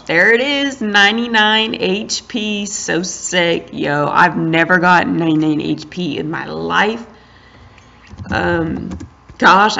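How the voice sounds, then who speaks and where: Young adult woman, excitable, slangy, casual gameplay commentary, dull lo-fi sound. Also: fairly low pitch, creaky. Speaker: gaming channel host.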